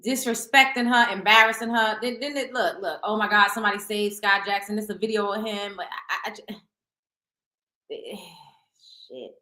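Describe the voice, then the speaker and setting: A woman's voice: mid-range voice, moderate pace, bright, forceful tone, reverberant. A woman hosting a celebrity gossip show in casual chat, blunt and profane, often tripping over repeated words.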